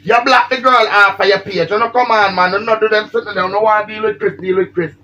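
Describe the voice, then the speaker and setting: Jamaican woman livestreamer, emphatic and pleading, bright edgy voice, a bit under the weather. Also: medium pitch, fairly even intonation, quick pace, slight background noise. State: feeling unwell. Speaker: social media personality. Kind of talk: ranting on a livestream.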